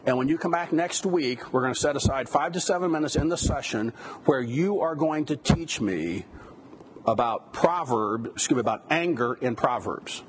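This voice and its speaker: A man's voice: mid-range voice, animated, moderate pace. Male lecturer, plain mid voice, casual teaching tone with rhetorical questions, faint hiss behind. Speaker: biblical counseling instructor. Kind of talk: classroom lecture.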